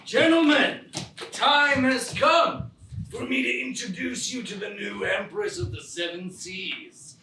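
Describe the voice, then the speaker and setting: An actor playing a swaggering, showy surfer leader making grand announcements. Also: male voice, extremely high pitch, a little slow, pushed and bright, slight background noise, exaggerated voice. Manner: announcing, showman. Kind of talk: live stage acting. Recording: echoey theatre stage from far off.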